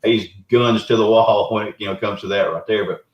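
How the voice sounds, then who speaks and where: Man, Southern US accent, very low voice, folksy rambling storyteller, echoey lo-fi audio. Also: a little fast. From Arkansas, US. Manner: folksy, rambling, animated retelling. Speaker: guest, Bigfoot researcher. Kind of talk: casual storytelling. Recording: roomy, dull lo-fi remote audio.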